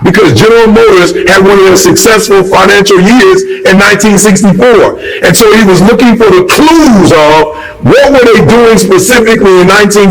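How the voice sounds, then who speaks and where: Animated high-pitched motivational speaker, a man. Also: low-quality recording. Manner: animated, preachy, talks straight to the listeners. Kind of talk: motivational talk.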